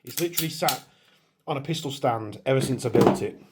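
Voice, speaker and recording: A man's voice: medium pitch, a little fast. A man hosting a hands-on airsoft test, talking casually and muttering to himself as he works the gear. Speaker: airsoft channel host. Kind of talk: casual hands-on product testing. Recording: clear background noise.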